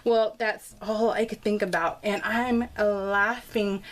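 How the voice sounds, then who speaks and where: A woman's voice: medium pitch, little pitch movement, slow, a little hiss or hum. A middle-aged woman telling a family story in casual chat while she works on a craft project at home. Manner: chatty, laughing, restarts a lot, acts out quotes. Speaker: scrapbooking vlogger. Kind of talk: casual storytelling over a craft process video. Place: home craft room with dogs nearby.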